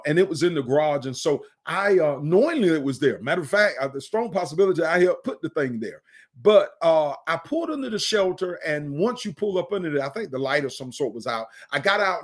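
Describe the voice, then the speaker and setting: A middle-aged man preaching in a podcast, earnest, often repeating and restarting phrases and slowing down to stress a point. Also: fairly high pitch. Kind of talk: conversational podcast sermon.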